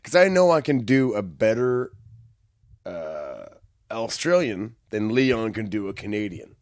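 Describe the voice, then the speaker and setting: A man's voice: on the low side, sing-song, a little slow, darkish tone, no room sound, studio quality. A man co-hosting a podcast, talking in a crude, joking way and laughing easily. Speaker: podcast co-host. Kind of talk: casual chat.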